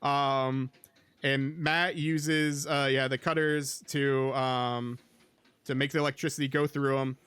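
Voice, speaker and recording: A man's voice: medium pitch, little pitch movement, takes it slowly, fairly bright tone, clean tone, no room sound. A man hosting a podcast, recapping a film in casual chat, rambling with lots of ums and likes. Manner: rambling, filler-heavy, with many ums and likes. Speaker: podcast host.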